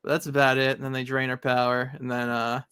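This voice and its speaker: A co-host in a casual comics chat, talking in a relaxed, halting way with "uh" and "um". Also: medium pitch, clean tone, no echo, clean studio sound.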